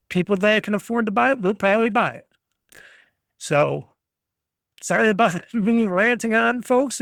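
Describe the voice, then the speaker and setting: Blunt ranting man with a gravelly voice. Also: high voice, fairly bright tone, no echo, studio quality. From United States. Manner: blunt, ranting, swears freely. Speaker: podcast host. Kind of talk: solo podcast rant.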